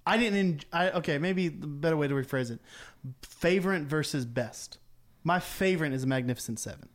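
A man co-hosting a comedic sports podcast, rambling and halting as he reads topics, laughing along. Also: fairly high pitch. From Atlanta area. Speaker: podcast co-host. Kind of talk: casual comedic sports chat.

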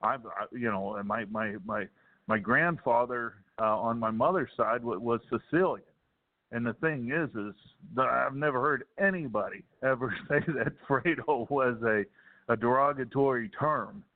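Ranting male caller on a phone line. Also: medium pitch. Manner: heated, fast ranting with laughs. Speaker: caller guest. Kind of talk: political talk radio.

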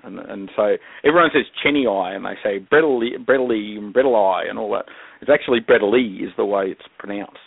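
An Australian man as the guest, chatting casually and jokily with drawn-out pauses. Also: lowish voice, vocal fry, slightly rough, no room sound. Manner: laid-back, jokey, chuckling, drawn-out um pauses. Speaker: guest reptile expert. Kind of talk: casual podcast chat. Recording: phone-like call line, dry.

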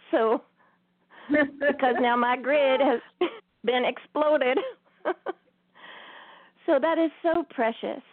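A woman's voice: high voice, drawn-out words, long pauses, dry recording. A woman hosting a spiritual talk show, telling a story in a casual way and laughing often as she talks. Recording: tinny phone-line sound.

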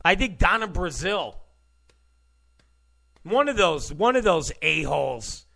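A sarcastic man rants through political commentary with a gravelly edge, his pitch swinging high and wide. He talks slowly and mocks the other side with exaggerated put-on voices. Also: very animated, pushed and bright. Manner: sarcastic, mocking, mimics opponents in exaggerated voices.

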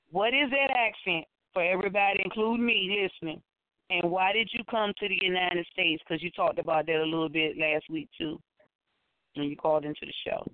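A woman's voice: lowish voice, no echo. A woman co-hosting a radio talk show, asking questions in a teasing, chatty way. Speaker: radio co-host. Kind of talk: casual radio interview. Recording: tinny phone line.

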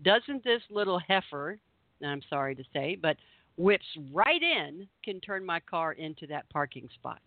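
Woman co-host, animated storyteller, narrow phone-like sound. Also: fairly low pitch, unhurried, no echo. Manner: animated storyteller acting out quotes. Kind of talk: casual radio chat.

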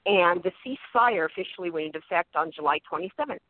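A woman's voice: fairly low pitch, expressive, quick pace, no echo. Woman telling a story over the phone. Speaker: guest storyteller. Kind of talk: animated anecdote on talk radio. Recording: tinny phone line, dry.

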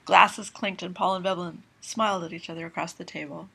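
A woman reading a novel aloud, with steady, even narration. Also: on the low side, a little fast, gravelly, slightly rough. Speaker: reader.

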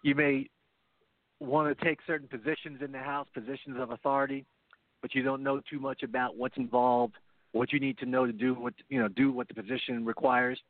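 Heard by phone rather than on his headset, a podcast co-host explains things earnestly on a laid-back recovery talk show, leaning on repeated phrases. His voice is medium in pitch, level in tone and fairly quick, with no echo.

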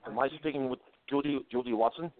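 A man's voice: medium pitch, fast, natural voice. A man doing an impression of a well-known older politician, pushy and lecturing, with a mock European-tinged accent, stammering and repeating himself. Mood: haranguing. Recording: phone-like lo-fi sound.

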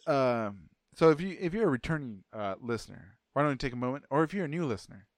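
A man's voice: medium pitch, lively intonation, quick pace, no echo, clean studio sound. A man co-hosting a podcast in casual chat, laid-back and joking, rambling a little. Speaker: podcast co-host.

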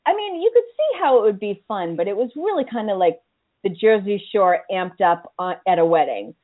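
A woman hosts a radio chat show, telling stories with lots of animation and acting out what people said. Her pitch rises and falls freely. The sound comes through a thin, phone-like line. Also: normal speed. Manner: animated storyteller, acts out quoted lines. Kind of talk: casual chat.

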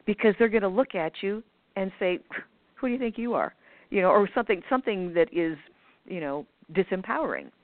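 A woman's voice: on the low side, dry recording. A woman guest talking casually and at length, with many fillers and restarts, sometimes acting out other people's voices. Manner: acts out others' voices in quoted asides. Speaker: guest speaker on manifestation. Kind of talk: conversational explanation over a call. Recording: tinny phone line, dry.

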